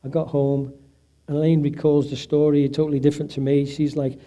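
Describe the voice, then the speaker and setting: His voice is warm and on the high side, with little pitch movement and a slightly fast pace. This middle-aged man speaks at an event as a patient's husband, giving an emotional testimony and acting out quoted voices.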